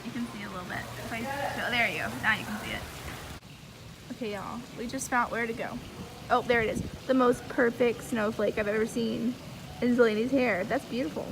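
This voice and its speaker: A woman in her twenties, vlogging in a chatty, giggly and excitable way on a handheld phone camera. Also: a little high, fairly quick. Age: 20s. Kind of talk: casual vlog. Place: outdoors in snow and indoors in a college town. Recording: noisy phone recording.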